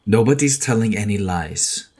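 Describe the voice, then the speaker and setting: Man voicing a proud witcher in a tabletop game, low and insistent. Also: animated, normal speed, darkish tone. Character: proud male witcher monster hunter.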